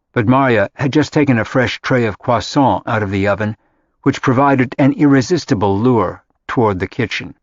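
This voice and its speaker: A man reading a contemporary novel aloud in scripted narration, measured and even. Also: mid-range voice, no echo. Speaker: audiobook narrator. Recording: dry, slightly dull audiobook audio.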